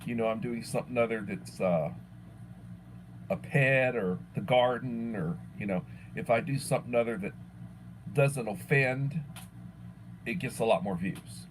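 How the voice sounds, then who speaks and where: A man's voice: medium pitch, noisy background. Man, middle-aged, from Texas, casual livestream host, greets chat by name, restarts sentences. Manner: chatty, greets viewers by name, repeats words when thinking.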